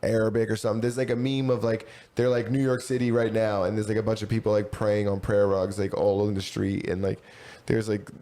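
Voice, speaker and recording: A man's voice: on the low side, level tone, brisk, warm tone. A young man co-hosting a podcast, bantering casually in slang and reading chat messages aloud. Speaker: podcast co-host.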